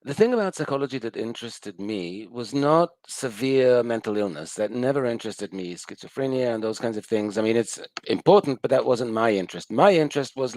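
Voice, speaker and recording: A man's voice: medium pitch, a little mellow, no room sound. A man from the UK with a mixed British and American accent, a psychologist guest explaining things in a wry, thoughtful way. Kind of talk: conversational interview.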